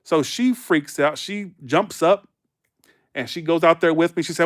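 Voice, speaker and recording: A man in his thirties chatting casually to viewers as a livestream host, rambling through stories and jumping into animated quoted voices. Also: a little high, unhurried, dry recording, clean studio sound.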